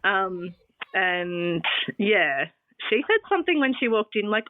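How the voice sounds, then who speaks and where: A woman's voice: medium pitch, very animated, slow, dry recording. Chatty woman on a phone-like line. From Australia. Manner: chatty, many fillers like "um" and "like". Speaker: guest sharing birth story. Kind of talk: casual podcast interview. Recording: dry, phone-like sound.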